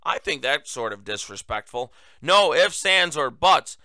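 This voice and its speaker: A male host delivers political commentary with indignant sarcasm. His voice is forceful and tense, smooth and crisp, recorded dry and close. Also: a little high, expressive, a little slow, dry recording. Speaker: talk show host.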